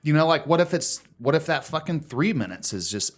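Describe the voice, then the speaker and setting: A man's voice: a little high, fairly quick. A man co-hosting a podcast in casual chat, telling stories with a lot of swearing and laughter. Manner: lively storytelling, swears often, laughs a lot. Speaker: podcast co-host.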